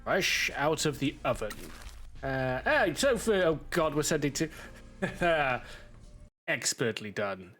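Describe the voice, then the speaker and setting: A man streams a game live, chatting and rambling to his viewers. He has a cold and sounds stuffy, and his voice sits a little on the high side for a man. He swears offhandedly as he goes. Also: lively intonation, a little slow, a bit bright, faint music behind. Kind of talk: casual live-stream chat.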